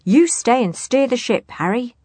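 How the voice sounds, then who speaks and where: Woman doing a booming pirate captain. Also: animated, normal speed, darkish tone, breathy edge, dry recording. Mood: rallying. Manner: booming, hearty. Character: rough, loud male pirate captain.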